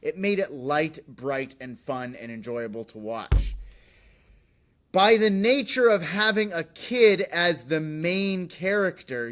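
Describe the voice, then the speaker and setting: A male host delivering a comic monologue with sarcastic, jokey asides. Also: on the high side. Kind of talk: comedic talk show monologue.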